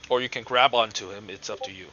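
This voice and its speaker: A man's voice: on the low side, steady tone, fast talker, bright, forceful tone, lo-fi sound, a little hiss or hum. A man narrating as game master of a tabletop game over voice chat, describing scenes with many fillers and restarts. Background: game soundtrack music.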